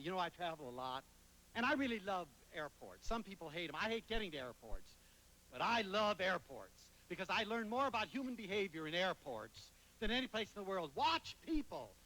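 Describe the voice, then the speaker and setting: Male speaker, high bright voice, lively lecture delivery, drops to near-whisper and bursts loud. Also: poor audio. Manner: animated, dramatic storytelling with sudden loud and soft swings. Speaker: motivational speaker. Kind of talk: public lecture with anecdotes.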